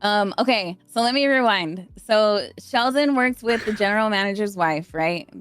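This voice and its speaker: A woman's voice: mid-range voice, expressive, moderate pace, fairly bright tone, clean tone, soft background music. A woman in her thirties, a podcast guest rambling through stories in casual chat. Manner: chatty, rambling storyteller.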